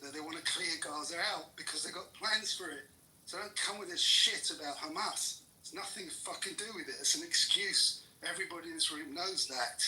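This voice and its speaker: Furious swearing man, high bright voice. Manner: furious, swears constantly, shouts insults. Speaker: political commentator in a heated debate. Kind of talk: angry profane rant. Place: room with others present. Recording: roomy echo, distant mic.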